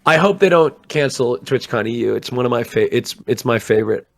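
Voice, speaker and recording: A man's voice: medium pitch, expressive, brisk, creaky. A young man chatting casually on a late-night stream, rambling through stories and acting out what people said. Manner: rambling storyteller, acts out quoted voices. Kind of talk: casual chat.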